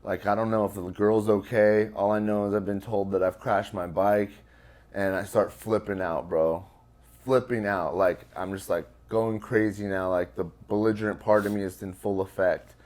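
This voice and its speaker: A man's voice: fairly low pitch, little pitch movement, moderate pace, hardly any pauses, a little mellow. A man being interviewed, telling a personal story in casual, profane talk with lots of fillers. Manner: loose and profane, many fillers. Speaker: interview guest.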